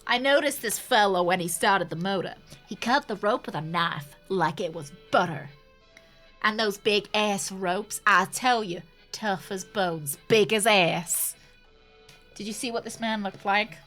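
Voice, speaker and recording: A woman voicing a cheeky, gruff older male boat owner in a video game, in a high, squawking voice. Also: a little slow, fairly bright tone, soft background music, close to an everyday voice. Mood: storytelling.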